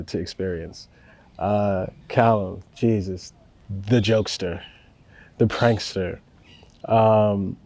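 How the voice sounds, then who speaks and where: A calm young man speaks in a relaxed, easygoing way, his voice sitting in an ordinary middle register. He rambles a little and swears casually as he talks about the people he works with, like an unhurried interview chat. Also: mid-range voice. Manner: laid-back, rambling, swears freely; calm and warm-spoken. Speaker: record producer.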